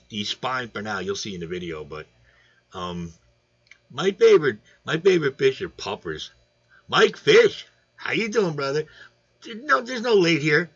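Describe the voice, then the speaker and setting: A man's voice: medium pitch, sharp tone. Chatty rambling man on lo-fi stream. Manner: rambling, joking, talks to chat by name. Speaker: aquarium channel host. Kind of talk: casual livestream chat. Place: home room.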